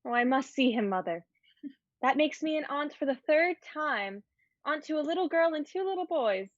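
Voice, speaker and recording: A woman's voice: high voice, animated, moderate pace, no echo. A woman voicing a curious, playful fourteen-year-old girl in an amateur online play reading, teasing and pleading by turns. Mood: delighted. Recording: dull lo-fi sound.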